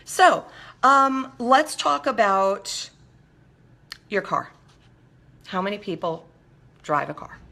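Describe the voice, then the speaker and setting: A woman's voice: mid-range voice, very animated, slow, vocal fry, pauses often, bright, forceful tone. A middle-aged woman from Southern California hosting a live talk show alone, chatty and often asking her listeners "right?". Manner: chatty, keeps asking listeners "right?", acts out quoted voices. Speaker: host. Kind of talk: solo live-show monologue.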